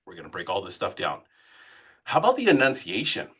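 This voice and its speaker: A man leading a live sales training session as a coach. He talks in an animated way and keeps asking the group questions. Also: deep voice, a little fast, slightly rough. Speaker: real estate sales coach.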